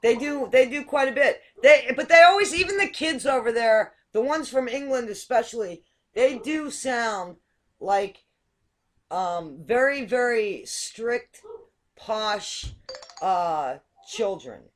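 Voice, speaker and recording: A woman's voice: a little high, lively intonation, slow pace. A woman hosting a casual chat show, curious and asking question after question. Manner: curious, asks many questions. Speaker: host.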